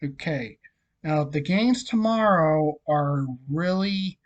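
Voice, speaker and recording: The recording has its highs cut off, and the medium-pitched speaker is expressive while taking his time. He's a hockey vlogger with a froggy throat and nagging cough, casually going over scores, odds and picks with lots of filler words.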